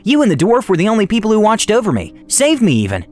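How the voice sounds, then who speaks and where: A man voicing a frightened little girl who pleads in a high, breathless way. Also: huge pitch swings, fast talker, soft background music. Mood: pleading.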